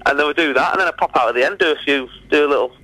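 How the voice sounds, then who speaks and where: Northern English male comic, bright and slightly high voice, loose laughing storyteller in a radio chat. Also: no room sound, rough recording. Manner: chatty, laughing storyteller with quick asides. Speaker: comedian guest. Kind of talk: casual radio interview chat.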